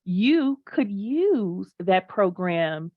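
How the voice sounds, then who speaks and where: A woman delivers a motivational talk on a video call, leaning hard on key words and answering audience comments as they arrive. Her voice sits at an ordinary pitch for a woman. The sound is dry and close, with slightly dull, muffled online audio. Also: extremely slow, dry recording. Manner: emphatic, animated, reads chat replies aloud. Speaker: motivational speaker.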